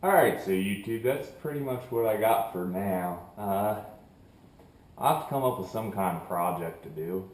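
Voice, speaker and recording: A young man beginning a vlog channel uses a fairly low voice at a moderate pace. In an echoey room he tells a casual, rambling story with great animation, performing his friends' quotes.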